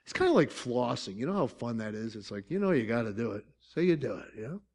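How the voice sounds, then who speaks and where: A man's voice: mid-range voice, big pitch swings, fast talker, darkish tone. Guy preaching, chatty and jokey, voice jumps all over the place. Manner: conversational, joking asides, asks the congregation questions. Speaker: pastor. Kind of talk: sermon.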